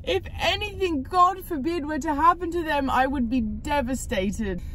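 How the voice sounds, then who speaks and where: A woman's voice: sits high, moderate pace, pushed and bright. A woman vlogging casually to camera, chatty and emotional, with an Australian accent. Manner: emotional, chatty, talks sweetly to her ducks. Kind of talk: casual vlog talking to camera. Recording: noisy background sound.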